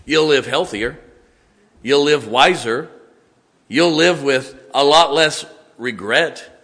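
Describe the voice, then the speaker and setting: A middle-aged pastor from West Virginia, with the state's accent, preaches in a folksy, conversational style, adding asides and chuckles. His medium-pitched voice is slow, bright, and forceful.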